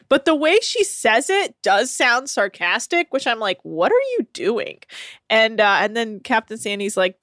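A woman with a fairly high voice, chatting casually and giggling as she retells scenes. She fills her talk with "like" and acts out quotes loosely. The sound is close and dry, with no room around it. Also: big pitch swings, moderate pace, fairly bright tone, no echo. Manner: chatty, giggly, uses lots of "like". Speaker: podcast co-host. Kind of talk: casual chat recapping a TV show.

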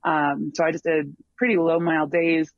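A man's voice: fairly high pitch, level tone, moderate pace, no room sound. A man telling of his long hike in a casual interview, rambling with many ums and restarts. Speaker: long-distance hiker guest. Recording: dull lo-fi dry sound.

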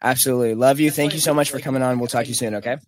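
A man's voice: medium pitch, fairly even intonation, racing. A man co-hosting a casual podcast from a hotel room, joking, laughing often and swearing casually. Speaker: podcast co-host.

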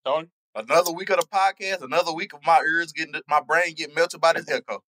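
A man co-hosting a podcast, chatting in an excitable, joking way and complaining with a laugh. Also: a little high, fast, no room sound, rough recording. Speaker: podcast co-host. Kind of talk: casual chat.

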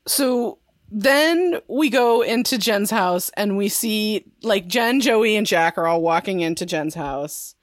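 A woman's voice: mid-range voice, lively intonation, slow pace, no echo, clean studio sound. A woman co-hosting a podcast, casually recapping a TV episode, peppering her talk with "like" and laughing often. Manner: chatty, frequent "like" fillers, laughs often. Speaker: podcast co-host.

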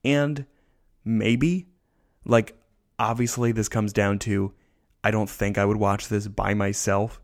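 A man talks through a casual podcast review in a lowish voice with plenty of vocal fry. He sounds tired and rambles loosely, often making fun of himself. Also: level tone, slow pace, long pauses. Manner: rambling, loose and self-deprecating. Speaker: podcast host.

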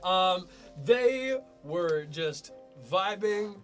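A man runs a tabletop game, narrating in a rambling way with plenty of fillers. His voice sits a bit high. Faint music plays behind him. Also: measured pace, a bit bright. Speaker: game master.

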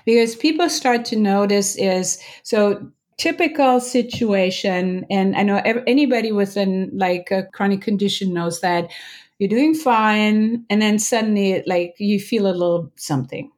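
A woman meditation teacher explaining as an interview guest, gentle and earnest, talking loosely with many "like" fillers and restarts. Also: mid-range voice. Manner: gentle, earnest, acts out inner thoughts in quick asides.

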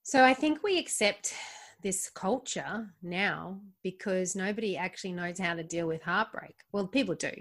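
A woman's voice: on the low side, normal speed, a bit bright. An Australian woman who is a podcast guest, talking earnestly about relationships and triggers in a casual interview. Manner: earnest, advice-giving, laughs easily.

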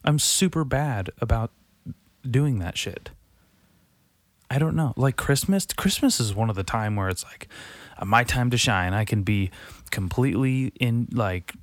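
A young man in his twenties hosts a late-night solo podcast from a darkened room lit by Halloween lights. His medium-pitched voice is expressive at normal speed with no room sound, and his rambling, confessional monologue is full of swearing and fillers.

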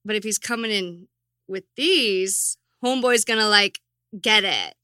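A woman co-hosting a casual chat, chiming in with quick, agreeable replies. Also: mid-range voice, sharp tone, clear, resonant tone, dry recording, clean studio sound. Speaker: podcast co-host.

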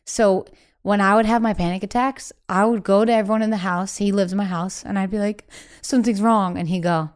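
A woman's voice: mid-range voice, brisk, clear, resonant tone. Woman in her 30s chatting openly on a podcast, acts out what her family said. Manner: candid, quotes family members in lively voices. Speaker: podcast guest. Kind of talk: casual interview chat.

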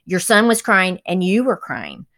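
A woman hosts a podcast interview, her voice pitched a little low. She asks her questions with eager enthusiasm and reacts warmly to her guest. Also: big pitch swings, unhurried. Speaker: podcast host.

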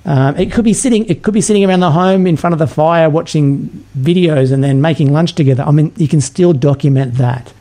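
Australian male guest, mellow tone, eager and persuasive, stumbles on starts. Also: fairly high pitch, brisk, hardly any pauses. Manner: enthusiastic, persuasive, frequent word repeats. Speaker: podcast guest. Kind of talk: casual interview chat.

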